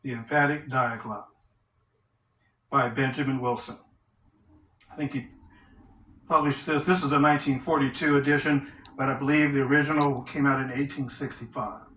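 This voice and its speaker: A man teaching from the Bible in a sermon, reading verses aloud slowly and asking rhetorical questions. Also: mid-range voice, fairly even intonation, a bit bright. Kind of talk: scripture study sermon. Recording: roomy echo, distant from the mic.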